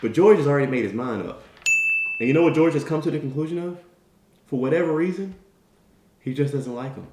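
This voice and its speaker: Speaking fairly quickly with long pauses, a motivational speaker with a fairly high voice tells a conversational story in an echoey room over a noisy background. He animatedly voices the people in it, leaning on "right?" and "you know."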